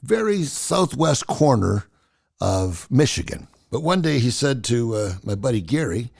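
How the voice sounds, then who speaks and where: An older man in his sixties with a gravelly edge spins personal stories in a casual, chatty way. His voice rises and falls freely as he tells them. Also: mid-range voice, unhurried. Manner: animated, chatty storyteller. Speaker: storyteller.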